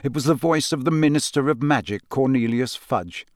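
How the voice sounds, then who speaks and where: A man narrating a novel as an audiobook, reading in an expressive way that acts out the characters. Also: medium pitch, normal speed.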